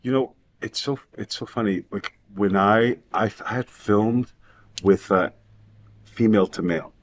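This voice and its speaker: A man's voice: fairly low pitch, unhurried. A man in his fifties, a guest in casual chat, giggly and campy as he talks. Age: 50s.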